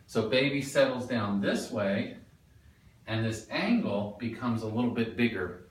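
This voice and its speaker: Male lecturer, animated, questions the class, roomy distant sound. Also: fairly low pitch, slight background noise. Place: lecture room. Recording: echoey room, mic at a distance.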